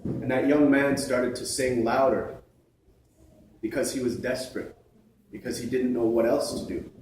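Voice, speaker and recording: A man acting as emcee and storyteller, telling a traditional story on a large theatre stage in a measured, animated way with playful asides. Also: mid-range voice, slight background noise. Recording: echoey theatre from far off.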